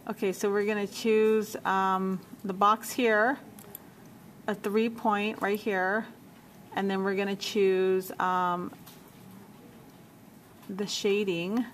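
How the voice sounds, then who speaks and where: A woman teacher walking a class through a software task step by step, repeating menu names as she checks her work. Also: medium pitch, little pitch movement, slow, long pauses, a little hiss or hum. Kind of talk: software tutorial walkthrough.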